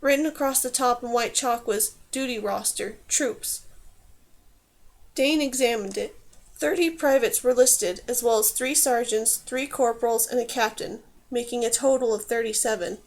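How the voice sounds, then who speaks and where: A woman reading a fantasy novel aloud in steady, clear scripted narration. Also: fairly high pitch, normal speed. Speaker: audiobook reader.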